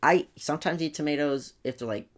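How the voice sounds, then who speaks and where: A man's voice: a little high, a little fast. A young man in his late teens co-hosting a casual podcast, teasing his friend and laughing often as he tells stories. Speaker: podcast co-host. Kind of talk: casual chat.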